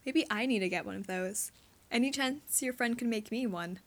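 A woman's voice: fairly high pitch, moderate pace, close to an everyday voice. Woman doing a sing-song teasing hockey guy. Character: male hockey player, sing-song teaser.

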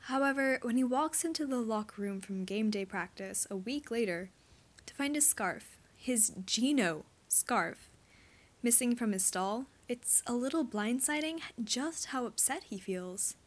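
A woman reading fan fiction aloud in a steady storytelling manner. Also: a little high, a little slow. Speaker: reader.

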